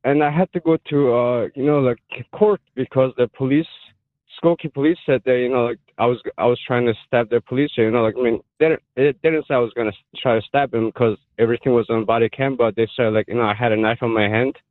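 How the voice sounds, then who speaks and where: A man calling in to a radio show, emotional and halting, with many fillers and restarts. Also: medium pitch, steady tone, no echo. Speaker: caller. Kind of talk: call-in radio caller telling a personal story. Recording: tinny phone line.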